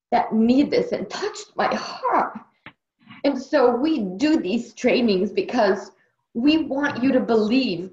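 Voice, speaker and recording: A woman's voice: a little high, darkish tone. Earnest woman hosting a video call. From Brazil. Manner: earnest, emotional, repeats phrases for emphasis. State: tired. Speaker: training host. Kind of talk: motivational team training on a video call. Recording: dull roomy video call audio.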